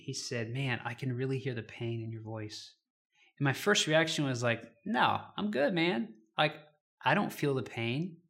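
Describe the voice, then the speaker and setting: A man speaking as a pastor, reading scripture and then sharing a personal story in a gentle, reflective way. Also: mid-range voice. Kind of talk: devotional sermon.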